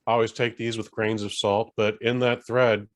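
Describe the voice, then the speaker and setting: A man's voice: fairly low pitch, flat delivery, normal speed. A man co-hosting a podcast in casual chat, blunt and emphatic, swearing as he rants. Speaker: podcast co-host.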